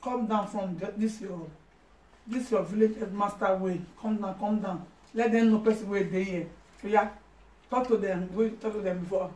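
A woman's voice: medium pitch, steady tone, normal speed, a little mellow. A woman with a Nigerian accent hosts a casual eating-show vlog. She teases, laughs often and slips into pidgin. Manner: playful, laughs often, teasing, mixes in pidgin. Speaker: vlog host. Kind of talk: casual mukbang chat. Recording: roomy sound from a distant mic.

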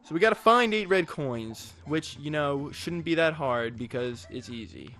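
A man's voice: a little high, expressive, a little slow, bright, forceful tone. A man giving casual, jokey gameplay commentary as a let's play host, rambling with crude asides.

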